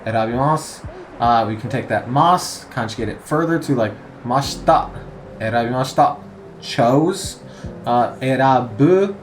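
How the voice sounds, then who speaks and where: Slow, relaxed man teaching a lesson. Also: medium pitch, faint music behind. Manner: relaxed and explanatory, many "uh"s and pauses. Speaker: Japanese language teacher. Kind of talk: casual spoken lesson.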